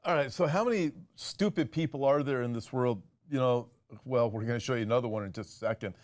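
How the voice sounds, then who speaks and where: A man, a pastor hosting a show, giving animated, incredulous commentary on video clips. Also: medium pitch, fast, a little hiss or hum.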